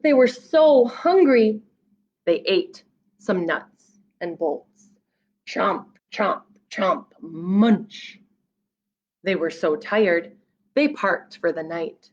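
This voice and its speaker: A woman children's librarian reading a picture book aloud at storytime, playful and animated, with gasps and sound effects. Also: medium pitch, drawn-out words, lo-fi sound.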